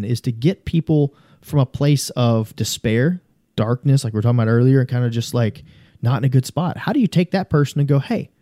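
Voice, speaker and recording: A man's voice: mid-range voice, mellow, no room sound, studio quality. A man talking as a podcast guest, telling long, rambling stories in a casual, earnest way and swearing freely. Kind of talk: casual conversational storytelling.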